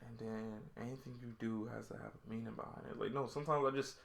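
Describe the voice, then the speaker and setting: A man's voice: medium pitch, steady tone, quick pace, gravelly, reverberant, a crowd in the background. A young man with an Atlanta accent who co-hosts a podcast and rants loosely in slang, telling stories in quoted voices. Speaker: podcast co-host. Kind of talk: casual chat.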